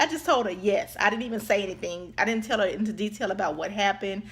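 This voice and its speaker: A woman telling a casual storytime vlog. She tells it in an animated way, acts out the voices of other people and keeps calling her viewers y'all. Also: mid-range voice, fast, few pauses. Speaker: vlogger.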